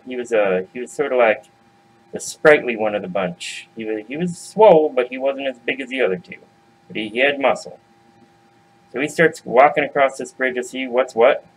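Man, comic storyteller, relaxed, slangy, direct to listeners. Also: medium pitch, a little hiss or hum, poor audio. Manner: laid-back, slangy, talks to audience.

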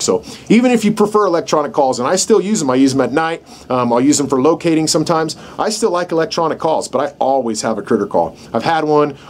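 Folksy outdoor call instructor, man. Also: mid-range voice. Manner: casual, folksy, keeps asking "right?". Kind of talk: outdoor how-to demonstration. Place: outdoors in the country, dogs barking nearby. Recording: faint outdoor background noise.

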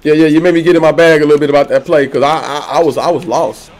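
A man streaming a football video game, trash-talking his opponent loudly with slang, swearing and laughter. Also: a little high, steady tone, quick pace. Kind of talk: trash-talking gameplay commentary.

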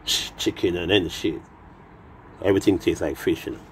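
A man's voice: sits low, fairly even intonation, fairly quick, a bit bright, slight background noise. A Jamaican man in his sixties, telling rambling, profane, boastful stories in a casual live-stream chat. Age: 60s.

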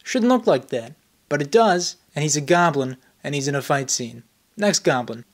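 A man's voice: fairly high pitch, animated, normal speed. A young man hosting his channel, giving rambling, playful commentary on images, repeating words for fun. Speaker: channel host.

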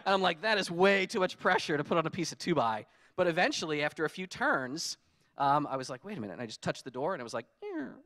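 A man giving a conference talk, telling lively stories and acting out his own frustrated quotes. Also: fairly high pitch, fast talker. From United States. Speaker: conference speaker. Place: conference hall.

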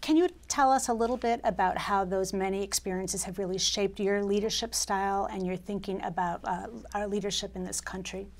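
A woman's voice: medium pitch, fairly even intonation, brisk, few pauses. Woman, dean, interviewer, formal welcome, polished question.

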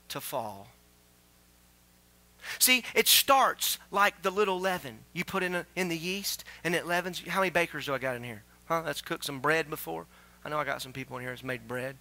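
A man preaching a sermon as pastor, asking the congregation questions and building to loud exclamations. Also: sits high. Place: church sanctuary.

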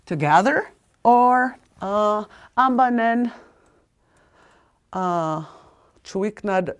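Slow, patient woman teaching pronunciation. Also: on the low side, animated. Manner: slow, patient, repeats sounds aloud, apologizes for slips. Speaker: language teacher. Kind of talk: spoken language lesson.

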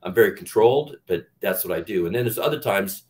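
A man's voice: on the low side, animated, fast talker, darkish tone. A middle-aged man, an actor guest in an interview, telling candid stories in a rambling, casual way with lots of restarts.

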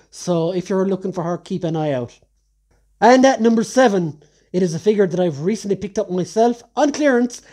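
This man's voice is high but dark in tone. He's counting down his top ten action figures in a casual, chatty way, full of collector's enthusiasm and constantly correcting himself mid-sentence.

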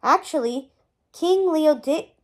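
A woman's voice: high voice, expressive, slow. A woman voicing an old bearded male wizard in a storybook read-aloud, gushing and sputtering. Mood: matter-of-fact.

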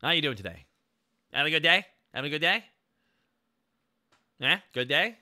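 Very bright-voiced goofy male streamer. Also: very animated, moderate pace. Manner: goofy and playful, jumping between loud bits and low mumbling asides. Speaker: VTuber streamer. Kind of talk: casual live-stream chat.

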